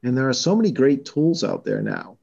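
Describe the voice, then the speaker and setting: Boston guy talking fundraising, steady and methodical, bit muffled audio. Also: medium pitch, fairly quick, creaky, husky. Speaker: college fundraising vice president. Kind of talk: podcast conversation.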